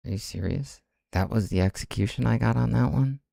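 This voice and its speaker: A man's voice: lowish voice, fairly quick, vocal fry, dark tone, dry recording. A man streaming his day trading live, talking to himself, muttering and swearing under his breath in frustration.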